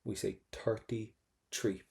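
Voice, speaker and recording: An Irish man with a gravelly, warm voice leads an exam-prep lesson. He talks chattily, drills pronunciation over and over and throws in jokes. His voice sits a little low. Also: flat delivery, slow pace. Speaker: Irish language tutor.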